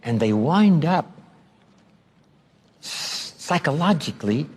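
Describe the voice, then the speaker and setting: A man's voice: fairly high pitch, sing-song, slow pace, darkish tone, husky. A man giving a motivational seminar talk, emphatic, stretching out key phrases for drama. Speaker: motivational speaker.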